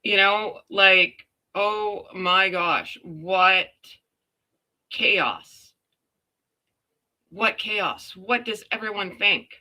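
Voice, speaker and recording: Bright-voiced chatty woman hosting a livestream. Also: mid-range voice, very slow, long pauses. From Canada. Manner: chatty, exclaims often, greets viewers by name. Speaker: livestream host. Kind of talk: casual livestream chat.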